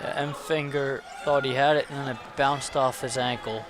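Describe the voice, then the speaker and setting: A man giving color commentary at a college basketball game, adding relaxed, analytical remarks between plays. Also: medium pitch, moderate pace. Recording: heavy arena noise.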